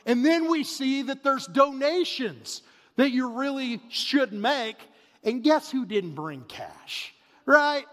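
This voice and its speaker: A man in his forties preaching a sermon, telling a family story in an animated way that swings between loud bursts and hushed asides. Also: extremely high pitch, slow. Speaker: pastor. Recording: reverberant hall.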